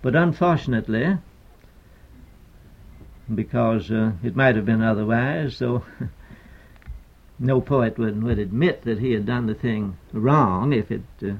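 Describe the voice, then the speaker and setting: An older poet with a mid-range voice lectures on meter, choosing his words hesitantly and deliberately amid many pauses and fillers. The recording is archival, lo-fi and dull.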